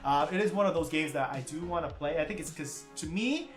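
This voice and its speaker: A man's voice: a little high, brisk. A man hosting a casual livestream, reading viewer comments aloud, thanking viewers by name and laughing often. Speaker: livestream host. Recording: roomy with stream music behind.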